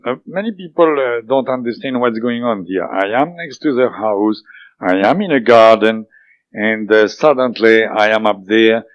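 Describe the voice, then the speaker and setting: A man whose first language is French, telling his story as an interview guest, halting and full of fillers and restarts. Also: fairly low pitch, no room sound. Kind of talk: recounting a personal experience in an interview. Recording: dull lo-fi dry recording.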